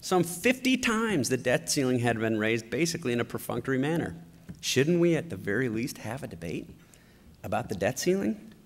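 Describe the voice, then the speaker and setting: A middle-aged man giving a storytelling political speech at a conference, with an animated, anecdotal delivery. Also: medium pitch, moderate pace. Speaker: conference speaker. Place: large conference hall. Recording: long hall reverb.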